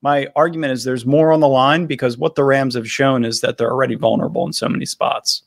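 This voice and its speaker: A man's voice: mid-range voice, steady tone, fast talker, gravelly. A man co-hosting a casual sports podcast, chatting loosely and riffing through an ad read. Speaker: podcast co-host.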